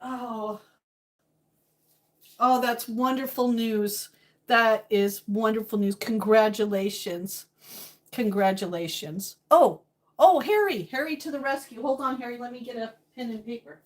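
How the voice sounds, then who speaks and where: Cooking at home, a woman with a higher-pitched voice talks at normal speed, reading viewer comments and chatting casually. She thinks out loud and hums between her remarks.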